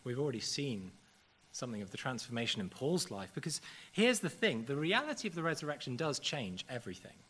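A man preaching a sermon in a church service, earnest and measured, with occasional fillers. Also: medium pitch, very animated, a bit bright, breathy edge.

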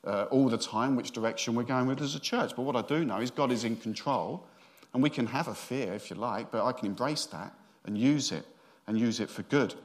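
A man's voice: medium pitch, brisk. A middle-aged man, a senior minister giving a sermon in a chatty, joking storytelling way.

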